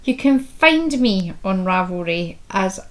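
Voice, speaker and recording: A woman's voice: mid-range voice, expressive, slow. A woman co-hosting a podcast, reading show notes in casual chat with a dry, joking manner. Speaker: podcast co-host.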